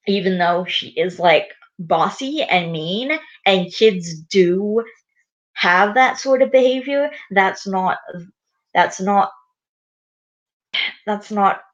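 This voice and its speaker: A woman's voice: fairly low pitch, muffled recording. A young woman chatting casually with a strong opinion, with fillers and restarts. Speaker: channel host reading episodes aloud. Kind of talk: casual reading and commentary.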